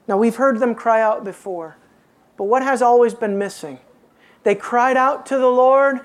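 A woman's voice: fairly high pitch, normal speed. Woman preaching with rhetorical questions. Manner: rhetorical questions to the congregation, dropping to hushed emphasis. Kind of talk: expository sermon.

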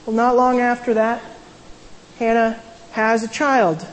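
A woman's voice: on the high side, flat delivery, a little slow, in a large hall, rough recording. A woman casually retelling a Bible story as a sermon, with conversational asides and frequent restarts. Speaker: Bible teacher.

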